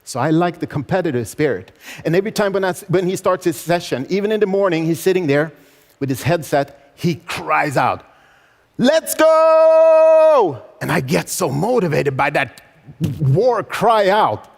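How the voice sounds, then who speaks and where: A man's voice: on the high side, brisk, vocal fry. A man in his forties giving a motivational stage speech, emphatic and repeating key phrases with rhetorical questions. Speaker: motivational speaker. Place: large event hall. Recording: long hall reverb.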